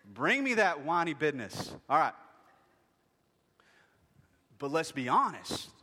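A man in his thirties preaching a sermon, lively and joking, acting out voices as he speaks. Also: a little high, slow pace, slightly rough. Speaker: pastor. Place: church sanctuary. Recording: long hall reverb.

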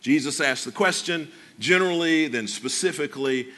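A male pastor preaching a sermon, animated, acting out the lines he quotes. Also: fairly high pitch, normal speed. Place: church sanctuary. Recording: long church reverb.

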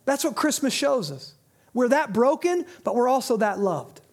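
A middle-aged man preaching a sermon as a pastor, swinging between impassioned calls and quiet, intense asides. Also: very high-pitched, sing-song, normal speed, slightly rough.

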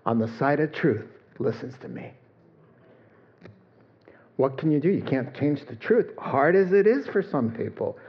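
A man's voice: mid-range voice, lo-fi sound. A man preaching a sermon in a conversational, storytelling way, quoting voices and chuckling as he goes. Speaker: pastor.

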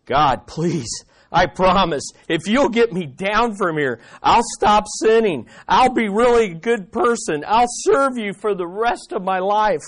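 Man doing a desperate stranded man, high strained voice, loud pleading shouts. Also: lively intonation, measured pace. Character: desperate man hanging from a cliff.

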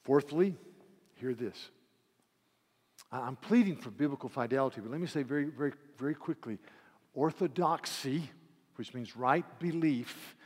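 A man preaching a sermon with passion, swinging from hushed to loud and repeating words as he builds emphasis. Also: fairly high pitch, normal speed. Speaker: pastor. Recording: reverberant hall.

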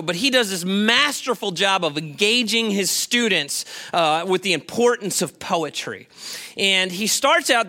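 A man's voice: sits high, pushed and bright. A man preaching a sermon in a church, chatty and conversational, often checking in with the congregation. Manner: conversational, checks in with "okay?" and "all right?". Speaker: pastor. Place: church sanctuary.

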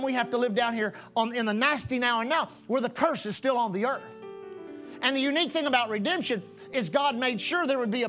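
A male pastor preaches a sermon in a strikingly high voice, hammering his points home by repeating phrases again and again in a rhythmic preaching cadence. Faint, soft music plays behind him.

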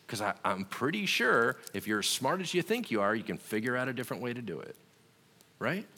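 A male pastor preaching a sermon, playfully acting out the people in his stories. His voice sits low but swings widely in pitch and has a bright, forceful edge. Long reverb from a large hall trails his words. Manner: animated storytelling, acting out voices with humor.

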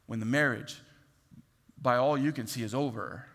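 A man preaching a sermon, acting out voices and swinging from loud to hushed. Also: mid-range voice, normal speed, in a large hall. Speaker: pastor.

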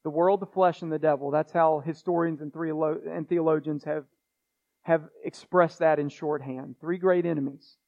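High-voiced man preaching, dull recording. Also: steady tone, moderate pace, gravelly, a little mellow. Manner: earnest preaching with repeated phrases and restarts. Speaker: pastor. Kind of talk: sermon.

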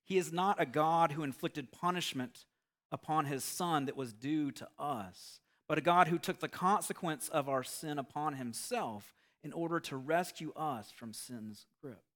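A man's voice: a little high, unhurried, fairly bright tone. Earnest man preaching a sermon. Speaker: pastor.

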